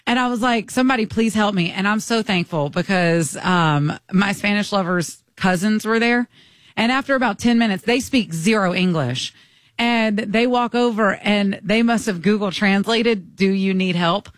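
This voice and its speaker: A young woman from Michigan, co-hosting a casual talk show and telling a story in an animated way, laughing often. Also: mid-range voice, normal speed, no echo. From Michigan, USA. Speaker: co-host telling a travel story. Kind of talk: casual radio chat.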